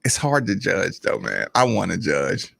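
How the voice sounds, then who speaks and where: A man co-hosting a radio sports talk show, telling a story with animated, self-deprecating banter. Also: low-pitched, unhurried, creaky.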